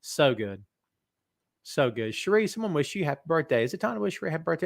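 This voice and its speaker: Animated joking male wrestling show host. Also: on the high side, fast, gravelly. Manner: animated, joking, reads viewer comments aloud. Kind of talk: live-stream chat with viewers. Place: office. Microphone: podcast microphone setup.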